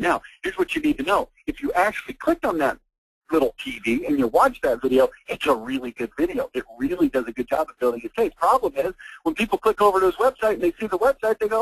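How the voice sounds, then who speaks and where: A man giving a fired-up, blunt sales pitch as host of a marketing webinar on an online call. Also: wildly swooping pitch, quick pace, creaky, breathy edge, no room sound, rough recording. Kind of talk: persuasive sales presentation.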